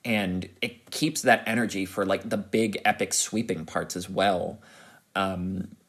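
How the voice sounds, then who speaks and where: A man's voice: deep voice, unhurried. A man hosting a podcast, giving an enthusiastic, rambling spoken film review full of restarts and fillers. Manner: animated, rising to excited peaks.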